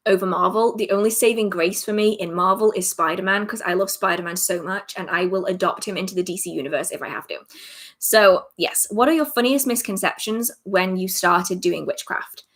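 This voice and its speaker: A young English woman hosting a casual livestream Q&A, chatty and self-deprecating, laughing often, filmed under bright lights at home. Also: mid-range voice. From England. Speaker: witchcraft livestream host.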